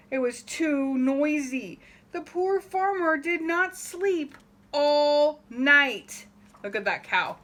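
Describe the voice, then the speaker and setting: A woman reading a picture book aloud to children, acting out the story and asking them questions. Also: high voice. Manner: animated, asks listeners questions, acts out the story. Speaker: storybook reader.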